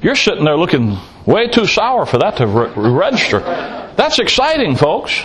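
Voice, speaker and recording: A man's voice: on the high side, huge pitch swings, moderate pace, fairly bright tone, slight background noise, low-quality recording. A man preaching a sermon in a blunt, folksy way, teasing his listeners and firing off rhetorical questions.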